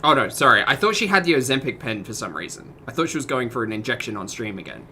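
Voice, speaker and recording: A reaction streamer talks over a clip with a lively, bouncing voice. The tone is bright and a little sharp. The streamer keeps breaking off into chatty, self-deprecating asides. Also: mid-range voice, fast, slight background noise. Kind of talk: reaction commentary.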